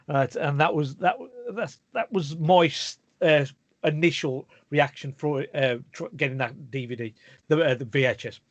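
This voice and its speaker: Guy, bit high voice, rambly stop-start chat, dry close mic. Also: dry recording, highs cut off. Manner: rambling, halting restarts. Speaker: podcast co-host. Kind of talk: casual chat.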